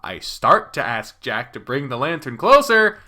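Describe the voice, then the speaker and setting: Bright, lively-voiced man reading a game. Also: mid-range voice, unhurried. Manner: expressive, swearing, swings between hushed and loud. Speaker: reader voicing a visual novel. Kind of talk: first-person dramatic game reading.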